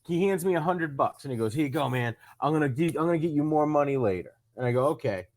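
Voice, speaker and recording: A comedian from Rhode Island telling a long story in casual chat, acting out both sides of the conversation. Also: male voice, a little high, expressive, fast, darkish tone. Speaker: comedian guest.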